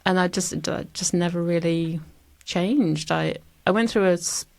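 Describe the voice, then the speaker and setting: A woman with an English accent talks casually as a podcast guest. Her voice sits low and carries a gravelly fry. She laughs easily and pokes fun at herself. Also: a little slow. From England. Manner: laughs often, self-deprecating. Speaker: guest artist. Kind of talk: casual interview chat.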